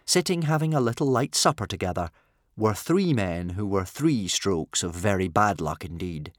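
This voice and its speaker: A man reading a children's adventure story aloud in an expressive, playful way. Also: sits low, no room sound, clean studio sound. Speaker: audiobook narrator. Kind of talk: scripted storybook narration.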